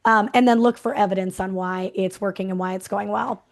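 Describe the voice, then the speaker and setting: A woman's voice: mid-range voice, fast talker, creaky, hardly any pauses. A middle-aged woman, a culture coach, giving a motivational talk and telling a story with acted-out quotes. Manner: lively storytelling, acts out quotes of clients.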